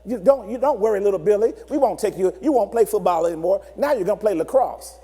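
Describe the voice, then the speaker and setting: Animated preacher with a lively voice. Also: male voice, high-pitched, fast, breathy edge, in a large hall. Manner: animated preacher acting out voices of children and partners. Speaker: pastor. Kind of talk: sermon.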